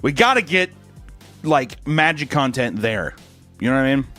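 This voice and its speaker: A man's voice: mid-range voice, expressive, moderate pace, a bit bright, faint music behind. A young man streaming, reading out fan messages in a crude, joking, sarcastic casual chat.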